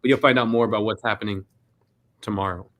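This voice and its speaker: A man's voice: fairly low pitch, fairly even intonation, fast, fairly bright tone. A young man with a Detroit accent co-hosting a fan podcast, teasing the others and laughing often in casual chat. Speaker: podcast co-host.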